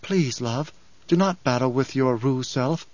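A soft-spoken, devoted young woman, as a male narrator reads her. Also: measured pace, no echo, natural voice. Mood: tender. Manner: soft, low-voiced. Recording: dull lo-fi audiobook recording.

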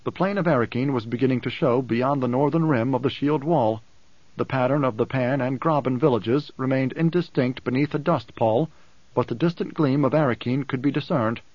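A man's voice: mid-range voice, moderate pace, no echo. Man narrating an audiobook, dry sound. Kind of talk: scripted narration. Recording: dull dry close recording.

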